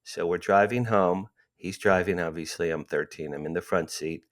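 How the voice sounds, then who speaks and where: A man's voice: deep voice, moderate pace. A man in his sixties from New Jersey, a podcast guest telling his stories animatedly, acting out the dialogue and repeating himself for emphasis. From New Jersey, USA. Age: 60s. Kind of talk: storytelling interview.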